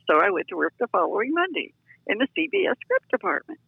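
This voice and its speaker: An older woman telling a personal story in an interview, animated and acting out the voices of the people in it, on a dull lo-fi recording. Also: mid-range voice, fast talker, creaky, husky, no echo. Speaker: interview guest.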